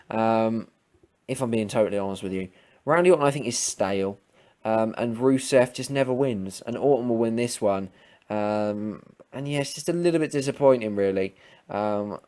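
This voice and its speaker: A man giving casual, rambling wrestling predictions to camera, swearing freely and quickly getting heated. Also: mid-range voice, a little mellow. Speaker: wrestling preview vlogger. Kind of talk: casual unscripted commentary.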